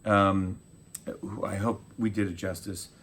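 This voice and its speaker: A man in his forties, a talk show host, telling animated stories in a casual interview and acting out quotes. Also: sits low, a little slow, a little hiss or hum. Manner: animated storyteller, acts out quotes.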